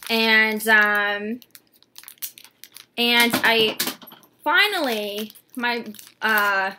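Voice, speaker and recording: A woman vlogging an unboxing in a casual, gushing way, a little congested from a cold and often slipping into a breathy whisper. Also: a little high, very slow, background noise. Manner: gushing and excitable. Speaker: doll collector vlogger. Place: at home with a dog.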